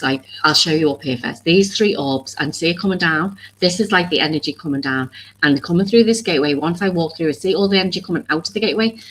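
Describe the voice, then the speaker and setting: A woman's voice: low-pitched, a little hiss or hum, rough recording. A woman hosting a live stream about oracle cards. She talks to viewers in a rambling, earnest way, openly emotional and full of restarts. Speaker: oracle card reader and live stream host.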